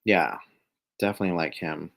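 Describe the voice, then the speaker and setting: A man's voice: deep voice, expressive, brisk, vocal fry, fairly bright tone, poor audio. A man co-hosting a casual live stream, giving step-by-step directions and laughing easily. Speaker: co-host.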